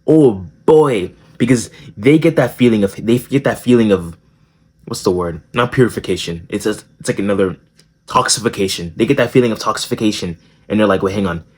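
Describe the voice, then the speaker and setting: A man's voice: on the low side, fairly quick, a little mellow, breathy edge. A young man hosting a casual social skills video. He tells the story in a joking, profane way, with plenty of slang and self-corrections.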